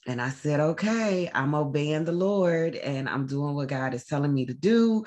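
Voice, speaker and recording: A woman hosting a faith-based talk to camera, speaking earnestly and haltingly, often pausing with "um" as she holds back tears. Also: low-pitched, a little mellow. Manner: earnest, emotional, halting with frequent ums. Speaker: show host.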